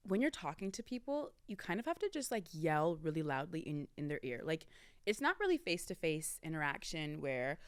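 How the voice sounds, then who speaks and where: A young woman in her early twenties tells a casual story on her podcast, her voice sitting a little low but smooth and clear. She chats straight to her listeners, leaping up in pitch and volume for drama. The sound is close and dry. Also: very animated, fairly quick, no echo. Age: early 20s. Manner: chatty, addresses listeners as y'all. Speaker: podcast host.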